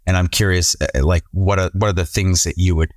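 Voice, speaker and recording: A man hosting a casual podcast conversation, asking slow questions and giving brief agreement. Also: low-pitched, fairly even intonation, no echo, studio quality. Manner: brief affirming back-channel, slow questions. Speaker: podcast host.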